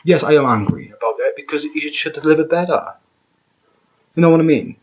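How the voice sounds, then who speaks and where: A man with a husky, slightly breathy voice rants bluntly through a music reaction, swearing freely and circling back over his own words. The recording sounds dull and lo-fi. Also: fairly high pitch, a little fast. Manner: blunt, profane, exasperated, stumbles and repeats himself. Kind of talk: ranting reaction commentary.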